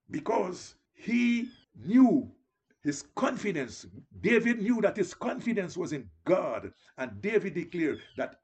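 A male preacher with a husky voice, set high for a man, delivers an earnest sermon. His pitch swings widely as he exhorts his listeners and builds to emphatic declarations. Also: very animated, takes it slowly, darkish tone. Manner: earnest, exhorting, repeats "beloved".

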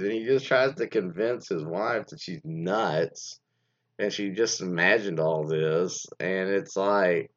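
A man's voice: deep voice, takes it slowly. A man reading stories aloud and commenting in a rambling, digressive way full of fillers, recorded lo-fi.

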